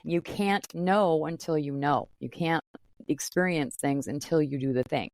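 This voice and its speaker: A woman's voice: deep voice, a little slow, a little mellow, no room sound. A woman hosting a podcast, chatting casually and telling stories with quoted asides. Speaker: podcast host.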